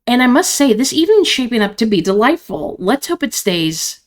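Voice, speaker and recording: A woman's voice: a little high, very animated, normal speed. A woman voicing a smug, scheming male accountant in a horror visual novel, with a teasing, theatrical delivery.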